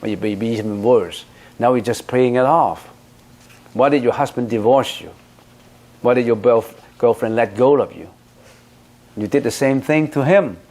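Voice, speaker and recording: A man's voice: medium pitch, normal speed, pauses often, darkish tone. A man teaching as a Buddhist monk in a dharma talk. He is blunt and emphatic, and he keeps putting rhetorical questions to the listener.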